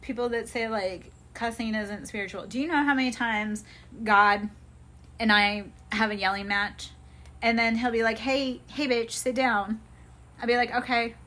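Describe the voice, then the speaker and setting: A woman's voice: fairly high pitch, fairly even intonation, moderate pace, sharp tone. A woman hosting a live stream, giving an impassioned spiritual pep talk in casual speech and swearing freely.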